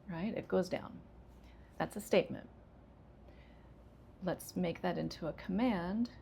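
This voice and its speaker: A woman ESL teacher, calmly explaining English intonation with frequent fillers. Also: on the low side, gravelly, slight background noise. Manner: relaxed, explains slowly with many fillers.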